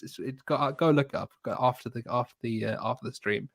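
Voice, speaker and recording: A man on a football stream panel, telling a story in halting, repeated starts. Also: mid-range voice, no echo. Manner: stumbling, repeats words. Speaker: panel guest. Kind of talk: casual football stream chat.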